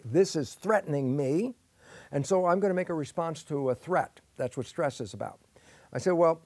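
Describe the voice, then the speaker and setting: An older man with a fairly high voice talks through a science explanation as an interview guest. He acts out his own questions and answers in a lively storytelling way. The sound is close and dry, with no room around it. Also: dry recording. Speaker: guest expert.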